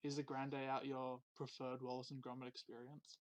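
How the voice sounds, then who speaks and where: A man's voice: medium pitch, completely flat delivery, moderate pace, no echo. A man co-hosting a casual podcast, playful and teasing in his remarks. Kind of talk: casual chat.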